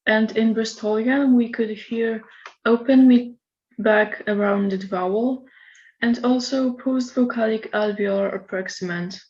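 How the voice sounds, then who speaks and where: A woman presenting a recorded lecture in a measured, explanatory way. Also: fairly high pitch, fairly even intonation, darkish tone. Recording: slightly dull lo-fi recording.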